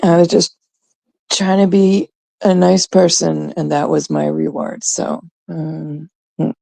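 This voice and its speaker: A woman's voice: on the low side, slow, vocal fry, warm tone, dry recording. A woman hosting a casual livestream, ranting in a profane, sarcastic way and greeting viewers in chat. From Canada. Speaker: livestream host.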